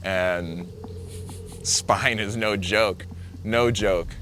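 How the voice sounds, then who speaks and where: A man's voice: lowish voice, steady tone, very slow, pushed and bright, slight background noise. A young man, a big wave surfer, recounting a near-death wipeout in vivid, breathless storytelling full of fillers.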